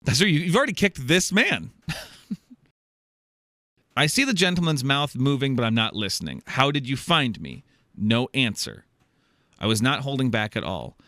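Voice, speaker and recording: In a dry recording, a mid-range male voice narrates a listener's submitted story for a comedy podcast. The host keeps interrupting himself with laughter and playful, animated asides.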